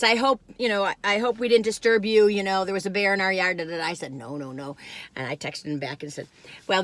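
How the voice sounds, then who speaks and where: Older lady rambling on about her week, lots of ums, bright voice. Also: medium pitch, dry recording. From Western North Carolina. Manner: rambling, folksy, many fillers and restarts. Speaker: food reviewer. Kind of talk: casual chatty storytelling.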